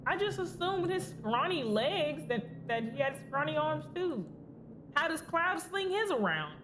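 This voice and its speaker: Giggly woman streamer with lively pitch. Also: unhurried, background noise. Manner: playful, laughs often, chats with viewers. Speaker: gaming streamer. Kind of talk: casual chat while playing a game.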